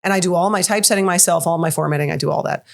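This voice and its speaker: A woman's voice: lowish voice, racing, gravelly. A woman author as a podcast guest, talking candidly in a casual chat and laughing easily.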